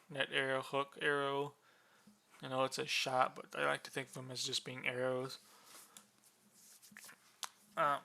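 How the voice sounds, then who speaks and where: A man casually explaining the rules of a board game unit, relaxed and drowsy, with many fillers and yawns. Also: a little high, clean tone.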